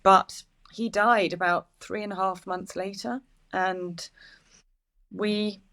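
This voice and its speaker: A woman in her sixties, a podcast guest, speaking candidly and haltingly while close to tears. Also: medium pitch, steady tone, a bit bright. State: tearful. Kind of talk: interview.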